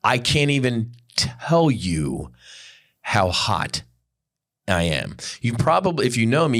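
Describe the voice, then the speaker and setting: Podcast host, male, low-pitched, angry unscripted rant, blunt and profane. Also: very animated, slow pace, a bit bright. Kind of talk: unscripted ranting monologue.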